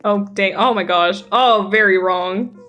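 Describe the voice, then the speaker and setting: A woman's voice: medium pitch, measured pace, a bit bright, soft background music. A woman streamer chatting casually as she plays, reading out chat messages and gushing over the game. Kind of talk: casual chat while gaming.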